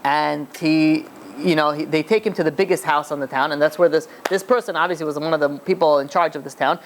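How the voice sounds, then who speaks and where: A man, a rabbi, telling a story in a lecture with animated delivery and frequent restarts. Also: on the high side, fairly quick, a little hiss or hum.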